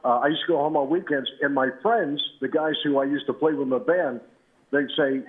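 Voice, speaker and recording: A man in his seventies, a veteran radio announcer, relaxed and anecdotal as he tells stories as an interview guest. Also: medium pitch, a little fast. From New Britain, Connecticut. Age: 70s. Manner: relaxed and anecdotal, with frequent "uh" and "you know". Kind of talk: reminiscing storytelling. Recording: tinny phone line.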